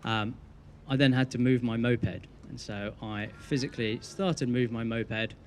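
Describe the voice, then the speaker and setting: A man's voice: medium pitch, moderate pace, a little hiss or hum. A young man giving a best man's wedding speech, telling a teasing story with dry punchlines.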